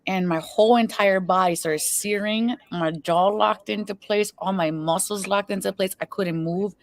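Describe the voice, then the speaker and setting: A woman hosting an online spiritual talk show shares a personal story during an interview chat. She speaks at a moderate pace in a mid-range voice, earnest and chatty.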